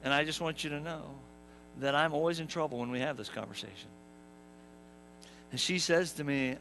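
This young pastor, a young adult man, delivers a comic sermon in a church sanctuary, acting out characters and asking the congregation questions. A little high and a bit bright, his voice is brisk with vocal fry, though he pauses often. The audio is poor, with slight background noise.

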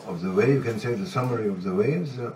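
A man giving a religious talk as spiritual teacher, halting and repeating phrases as he searches for words. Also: mid-range voice, darkish tone. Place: guesthouse room. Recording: roomy sound, mic at a distance, faint noise.

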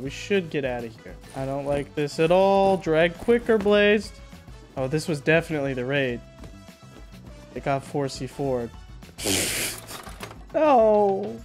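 A young man giving casual gameplay commentary, laid-back and joking, with a self-mocking tone. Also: fairly high pitch. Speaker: gaming video host.

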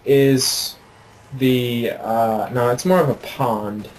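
A man's voice: medium pitch, fairly even intonation, slow, darkish tone, a little hiss or hum, low-quality recording. An American man chatting casually and loosely while playing a game. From United States. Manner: easygoing, rambling explanations. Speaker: gaming co-commentator. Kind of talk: casual gameplay chat.

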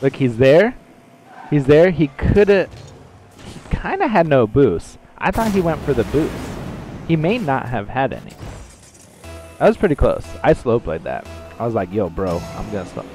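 A man giving excitable gameplay commentary, shouting reactions and trading playful trash talk. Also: medium pitch, unhurried, long pauses, music in the background. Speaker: gaming channel host.

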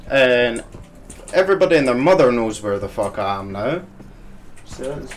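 A man's voice: medium pitch, big pitch swings, moderate pace, pauses often. Foul-mouthed man raging at a game. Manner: frustrated, swears constantly, bursts into angry rants. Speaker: gamer streaming a VR game. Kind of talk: gameplay commentary.

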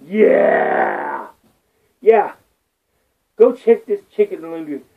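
A man's voice: high voice, lively intonation, fast. A man vlogger delivering a rambling, profane rant, crude and full of filler curses. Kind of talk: profane ranting monologue. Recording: tinny phone-like lo-fi audio.

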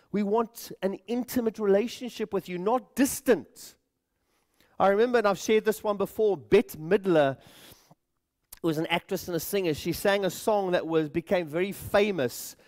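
A man's voice: high voice, darkish tone. A man preaching a sermon in a church, earnest, repeating words and addressing the congregation as friends. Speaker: pastor.

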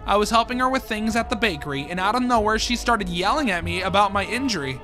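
A scared young pony mare begs for help, read out by a man in a high voice. The words come plainly and a little louder, with music playing under them. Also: lively intonation, fast talker. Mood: pleading. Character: frightened young female pony pleading.

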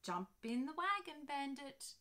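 A woman voicing a cheeky, mess-loving young boy in a picture book, protesting in an excited, whiny way. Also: high voice, unhurried, slight background noise, heavily acted.

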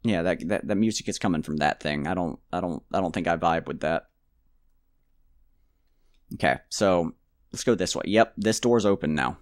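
A man's voice: low voice, moderate pace, pauses often, no echo, clean studio sound. A man casually commenting on his own gameplay, rambling and joking to himself with mock outbursts. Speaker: let's play gamer.

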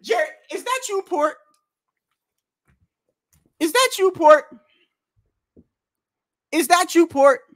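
A man hosting a boxing livestream and ranting in a heated, animated way, repeating himself, swearing often and trash-talking the chat. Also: very high-pitched, slow pace, long pauses, dry recording, clean studio sound. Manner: animated, repetitive, trash-talking with frequent profanity.

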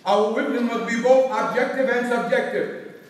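High-voiced preaching man in echoey hall. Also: moderate pace, recorded from a distance. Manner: preacherly, repetitive cadence, rising and falling. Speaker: pastor. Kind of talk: Bible study teaching. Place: church hall.

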